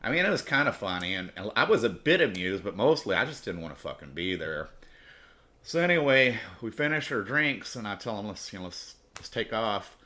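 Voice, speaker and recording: A man with a low voice and a bright, forceful edge hosts his own storytelling podcast. He rambles casually through a personal tale, swearing freely and doubling back on himself as he goes. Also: very animated, a little fast. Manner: profane, rambling.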